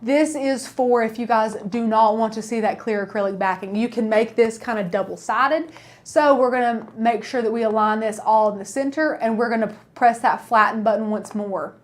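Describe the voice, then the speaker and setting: A woman's voice: on the high side, moderate pace. A woman with an East Tennessee accent hosting a live craft tutorial, chatty and upbeat, talking straight to her viewers. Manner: chatty, upbeat, keeps addressing viewers as guys.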